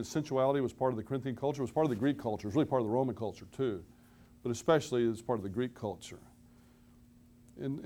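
A man's voice: medium pitch, a little mellow. A middle-aged man preaching a sermon to his congregation. He keeps it conversational, drops self-deprecating asides, and leans hard into the dramatic moments of the story. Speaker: pastor.

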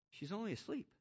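A man preaching a sermon, swinging from loud, rising exclamations to quiet, hushed emphasis. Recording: muffled lo-fi sound.

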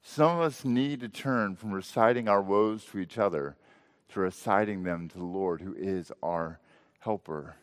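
A man's voice: low-pitched, normal speed. Male pastor, sermon, rhetorical questions, rising and falling volume, long hall reverb.

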